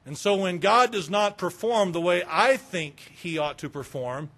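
Speaking a little slowly in a high, fairly bright voice, a middle-aged Southern pastor delivers a frank, conversational sermon. He mixes in confessional asides along the way.

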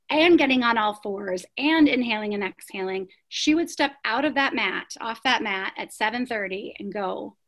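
Middle-aged woman, high-ish voice, passionate founder being interviewed, punchy rhetorical questions. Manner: energetic, emphatic, many rhetorical questions. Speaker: prenatal yoga studio founder. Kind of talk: interview storytelling.

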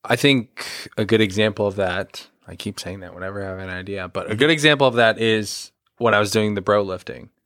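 A young man co-hosting a podcast, talking in a laid-back, low-energy, teasing way. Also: a little fast, hardly any pauses, fairly bright tone, dry recording, studio quality. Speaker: podcast co-host. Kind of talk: casual podcast chat.

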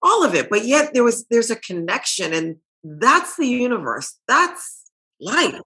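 A woman's voice: fairly high pitch, big pitch swings, a little slow, bright, forceful tone. A middle-aged woman from Haiti, a podcast guest talking openly and emotionally, laughing often. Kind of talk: candid conversation.

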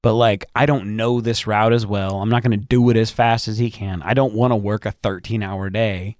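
A male podcast co-host with a lowish voice tells a crude story at a moderate pace, cursing freely and acting out voices in an animated retelling. The recording is studio quality with no room sound.

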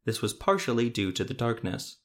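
A man narrating a fantasy story in a steady storytelling manner. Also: mid-range voice, a little fast.

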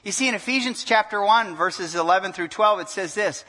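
A male pastor preaching a sermon in an animated way, asking the congregation questions and joking. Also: sits high, a little fast. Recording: long hall reverb.

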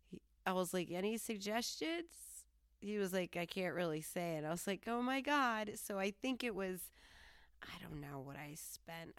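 A woman's voice: fairly low pitch, clean tone, no echo, clean studio sound. A woman hosting a podcast, telling a story in a casual monologue, laughing and acting out the people she quotes. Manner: animated, laughing, quoting herself and others. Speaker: podcast host.

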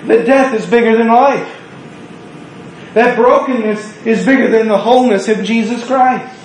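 A man with a high voice preaches earnestly and conversationally, leaning on words for emphasis. His voice rings through a reverberant room. A faint hiss sits underneath. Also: moderate pace. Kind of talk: sermon. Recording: echoey room.

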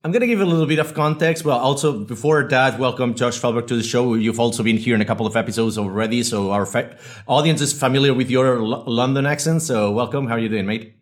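A man's voice: mid-range voice, fast talker. A man hosting a podcast, introducing guests in an upbeat, rambling, casual way. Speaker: podcast host and company founder.

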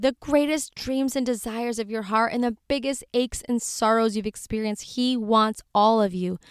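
A woman's voice: on the high side, clean tone, dry recording, studio quality. A woman in her thirties hosting a faith podcast, telling a personal story in an earnest, heartfelt, tender way. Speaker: podcast host.

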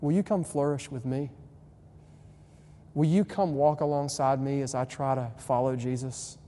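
A young man preaching a sermon to students as their pastor. He moves from quiet, tender stretches to loud, fervent exhortation. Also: mid-range voice, steady tone, normal speed. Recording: long hall reverb, faint hum.

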